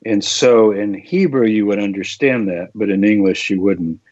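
A low-voiced man talks through a scripture passage like a patient teacher, explaining the wording point by point. The sound is dry and a little dull, as if from a modest lo-fi recording. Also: moderate pace, darkish tone, dry recording. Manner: explanatory, lecturing. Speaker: Bible teacher. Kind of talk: conversational scripture discussion.

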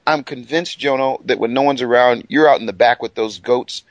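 A man's voice: mid-range voice, moderate pace, dry recording, muffled recording. A man co-presenting a radio Bible discussion, talking enthusiastically and laughing often.

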